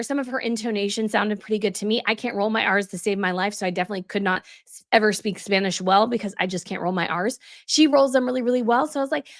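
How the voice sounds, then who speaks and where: A woman's voice: on the high side, expressive, quick pace, a bit bright, no room sound, studio quality. An American woman with a neutral accent, giving rambling, chatty commentary on royal news. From United States. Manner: chatty, rambling, many asides. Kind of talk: casual commentary vlog.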